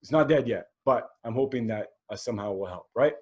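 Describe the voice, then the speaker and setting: A man's voice: mid-range voice, fairly quick. A man in his forties hosting a solo podcast, talking candidly and rambling, with many fillers and restarts. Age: 40s. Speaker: podcast host.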